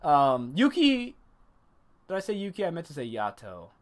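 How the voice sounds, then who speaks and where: A man casually reviewing an anime episode on a livestream, animated and profane, stopping to greet and answer chat. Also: a little high, moderate pace.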